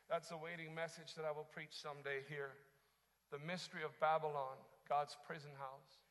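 A man preaching a sermon as pastor, moving from quiet teaching into impassioned shouting. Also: on the high side, long reverb tail.

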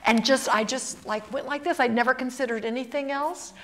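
A woman's voice: high-pitched, fairly even intonation, fairly quick, fairly bright tone. A woman in her sixties from Mississippi, telling stories animatedly on a college panel and acting out the voices in them. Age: 60s. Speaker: actress on a panel. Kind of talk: anecdotal storytelling. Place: college event hall.

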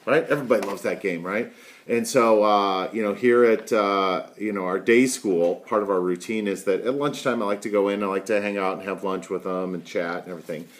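A man's voice: lowish voice, fairly even intonation, a little fast. A middle-aged man hosting a casual daily video show from home on a headset mic, rambling and chatty with frequent "right?" asides. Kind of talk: casual daily talk to camera.

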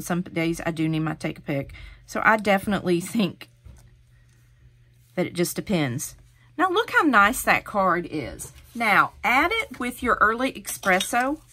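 A woman's voice: mid-range voice, bright, forceful tone. A middle-aged woman hosting a hands-on craft tutorial, talking viewers through each step in a chatty, encouraging way.

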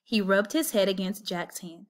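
Woman reading a kids' picture book aloud, lilty and expressive. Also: medium pitch, normal speed. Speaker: storybook reader.

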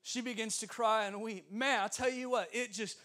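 A man's voice: high voice, normal speed. A young man preaching as a guest speaker, telling stories with laughter and acting out the voices of people in them. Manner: animated, laughing, acts out voices in his stories. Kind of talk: sermon storytelling. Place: church sanctuary.

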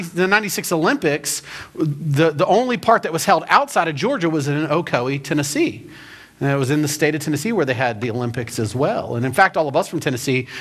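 A pastor preaching to his congregation, his voice swinging widely in pitch. He tells his story with comic flair and jumps up into high squeals to act out his own panic. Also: fairly bright tone. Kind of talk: sermon storytelling. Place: church auditorium.

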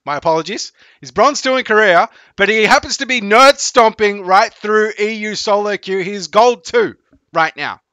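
A man's voice: high-pitched, normal speed, no room sound. A man coaching video games on a live stream, chatting casually, swearing and joking with viewers. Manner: profane, joking, excitable.

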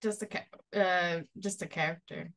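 A woman co-hosting a casual chat podcast, chiming in with quick agreement and reading out facts. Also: fairly low pitch, steady tone, a bit bright. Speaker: podcast co-host.

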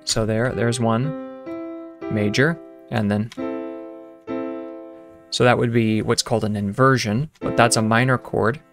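A man's voice: medium pitch, steady tone, a little slow, long pauses. Man teaching music at a keyboard. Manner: loose, thinking aloud with fillers and restarts; hums and counts rhythms aloud. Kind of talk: casual lecture with keyboard demos. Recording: piano playing in the background.

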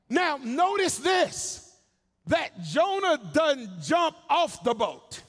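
Guy pastor preaching w a really high voice, slangy, does little voices for the bible people, big echoey church sound. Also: very animated, slow. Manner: preaching with rising shouts and sung cadences; slangy, acts out voices of biblical characters. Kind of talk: sermon. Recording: long hall reverb.

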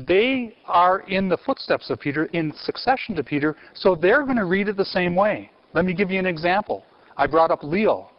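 Animated man giving a theology lecture. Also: sits high. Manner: animated, asks the audience questions, frequent restarts. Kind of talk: university lecture. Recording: muffled lecture recording.

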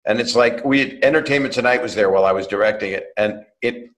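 Male comic, lowish voice, relaxed anecdote teller. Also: fast, low-quality recording. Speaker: comedian. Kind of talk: anecdote on a podcast.

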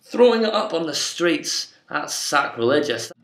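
A man's voice: on the high side, very animated, measured pace, creaky. A young Irish man giving a mock-stern, bossy comic rant to camera. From Ireland. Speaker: comedy vlogger. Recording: echoey room.

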